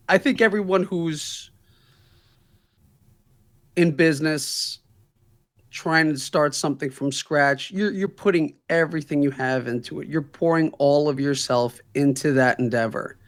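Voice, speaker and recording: Animated man telling a story. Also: fairly high pitch, measured pace. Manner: animated, laughs through his stories. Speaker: law firm managing partner, guest. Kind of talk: casual storytelling interview.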